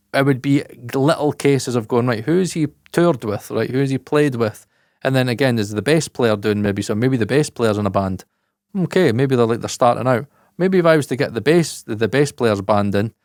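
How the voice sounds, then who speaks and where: A Scottish man co-hosting a podcast about audio engineering, talking excitedly and swearing freely. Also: a little fast, dry recording, clean studio sound. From Scotland. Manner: excitable, swears freely, jumps pitch in animated asides. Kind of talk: casual podcast chat.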